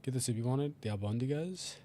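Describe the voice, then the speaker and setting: Lively young man chatting over gameplay. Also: medium pitch, fast talker, a little hiss or hum. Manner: animated, talks to his game characters and voices their reactions. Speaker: gaming video creator. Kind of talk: casual gameplay commentary.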